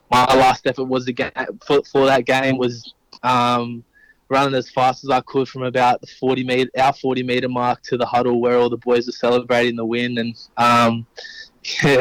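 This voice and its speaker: A young man speaks in a very flat monotone, humble and hesitant, with many restarts. The sound is dry and close. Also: medium pitch, dry recording, low-quality recording. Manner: humble, halting, full of restarts and fillers. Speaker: professional rugby league player, guest. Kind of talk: conversational interview.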